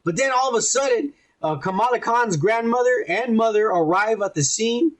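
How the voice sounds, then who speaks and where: A man hosting a podcast, retelling a TV episode in a casual, rambling, profane way and putting on quick voices for the characters. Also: very high-pitched, animated. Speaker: podcast host reviewing a TV episode.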